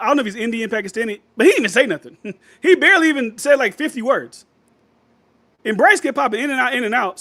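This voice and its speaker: A man's voice: very high-pitched, a bit bright, dry recording. A man hosting a casual livestream, rambling loosely, laughing often and reading viewer comments aloud. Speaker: livestream host reading chat.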